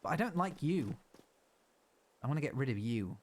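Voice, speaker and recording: A male streamer giving casual commentary on his own game, chatty and rambling, often cutting himself off mid-thought. His voice is animated, swinging up and down a lot. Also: mid-range voice, moderate pace, slight background noise. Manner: chatty, rambling, self-interrupting.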